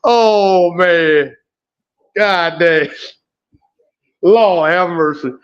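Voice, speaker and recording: A man hosting an emotional live stream, animated, groaning and exclaiming as he talks. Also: high voice, drawn-out words, clean tone, highs cut off. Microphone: home streaming setup.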